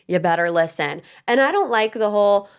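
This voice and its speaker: A young woman talks through reality TV drama as a podcast host, chatty and sassy, with hot takes. Her voice sits at an ordinary middle pitch for a woman. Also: lively intonation, brisk, clean tone. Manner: chatty, sassy, acts out quotes in shifted voices. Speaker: pop culture podcast host. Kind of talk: casual opinionated commentary.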